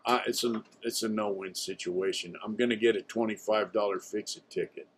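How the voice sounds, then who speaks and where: A man's voice: lowish voice, steady tone, a little fast, slight background noise. An older man telling his own story in a casual, blunt way, with some swearing and a lot of "you know" between phrases.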